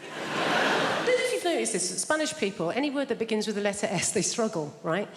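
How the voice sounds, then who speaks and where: A woman's voice: a little high, big pitch swings, brisk, heavy background noise. A woman from England doing stand-up comedy with dry, self-mocking delivery. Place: large theatre stage. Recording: echoey live theatre with long reverb. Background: loud audience laughter.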